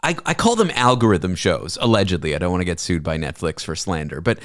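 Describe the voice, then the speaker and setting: A man's voice: low voice, animated, fast talker, no room sound. Male talk host, casual and rambling, jokes at his own expense; dry, close sound. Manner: rambling, self-mocking, laughs often. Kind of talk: casual comedic chat.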